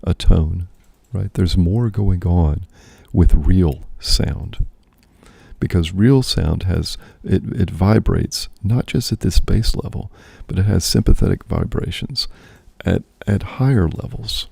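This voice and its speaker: Deep husky male priest, gravelly, casual musing talk, dry close sound. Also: slow, warm tone, dry recording. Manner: musing, thinks aloud with frequent "right?". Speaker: priest and podcast host. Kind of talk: casual spoken reflection.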